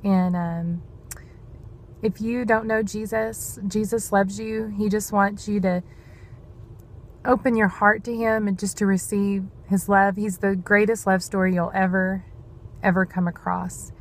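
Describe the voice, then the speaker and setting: A woman's voice: medium pitch, flat delivery, measured pace. Earnest woman vlogging. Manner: earnest, rambling, says "y'all". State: emotional, near tears. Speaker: vlogger sharing prophetic words. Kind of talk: casual devotional vlog.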